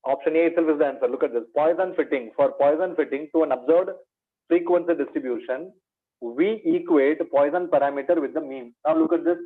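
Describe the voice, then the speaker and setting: A man's voice: a little high, brisk. A man with an Indian English accent teaching an exam revision lecture, asking questions and answering them himself, calling students "my dear". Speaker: maths teacher. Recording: tinny phone-like online lecture audio.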